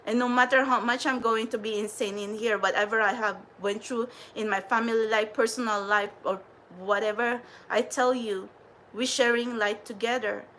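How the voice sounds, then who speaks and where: A woman's voice: a little high, steady tone, moderate pace, fairly bright tone, a little hiss or hum, rough recording. A woman hosting a spiritual livestream, ranting in a profane, defiant and rambling way.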